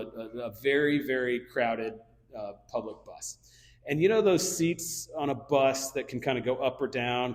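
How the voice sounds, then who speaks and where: Storytelling man in a reverberant hall. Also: medium pitch. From Kansas City area. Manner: casual, anecdotal, with frequent ums and repeated words. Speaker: luncheon speaker. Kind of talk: storytelling speech to an audience. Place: banquet hall.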